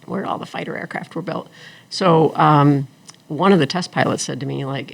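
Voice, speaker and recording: A middle-aged woman telling her story as an interview guest, animated and acting out the people she quotes. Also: deep voice, moderate pace, creaky. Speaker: guest, attorney and former engineer.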